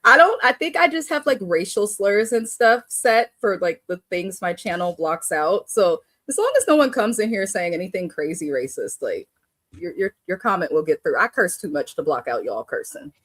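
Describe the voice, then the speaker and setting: A woman's voice: lowish voice, lively intonation, normal speed, fairly bright tone, dry recording. A woman hosting a casual live stream, talking bluntly and animatedly with frequent cursing and laughter. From Bay Area. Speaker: live show host.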